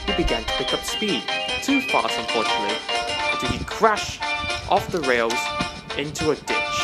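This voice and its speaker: Man narrating a fan story slowly. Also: medium pitch, sing-song, over loud music. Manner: slow, hesitant reading with restarts.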